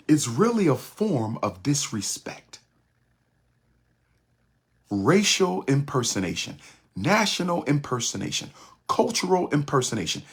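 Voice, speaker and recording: A man giving an impassioned lecture in a rhythmic, repetitive preaching cadence, with a husky voice. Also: medium pitch. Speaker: speaker.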